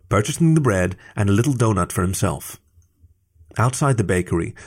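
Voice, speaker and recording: A man narrating a story in a calm, even reading voice. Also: lowish voice.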